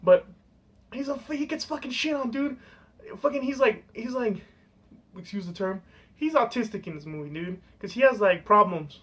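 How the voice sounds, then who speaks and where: A man's voice: very high-pitched, animated, normal speed, fairly bright tone. A young man ranting casually on camera, rambling and swearing, saying "dude" constantly. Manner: profane, rambling, full of "dude". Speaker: vlogger. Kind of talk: casual rant.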